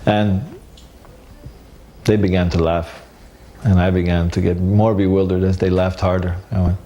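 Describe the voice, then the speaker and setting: A man recalling old memories in a casual, animated storytelling way, acting out the dialogue and often stopping to restart. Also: low-pitched. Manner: halting, with restarts and fillers.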